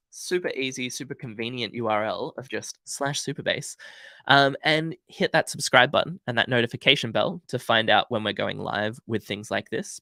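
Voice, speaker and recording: A man's voice: medium pitch, moderate pace, vocal fry, sharp tone, no echo. A young adult man hosting a casual livestream, chatty and upbeat with lots of ums and uhs, his voice sounding sick. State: sick, congested voice. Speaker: livestream host.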